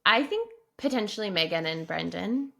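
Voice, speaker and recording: Bright-voiced woman podcast co-host. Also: medium pitch, moderate pace, vocal fry. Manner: animated storyteller, acts out quoted people. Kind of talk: casual chat.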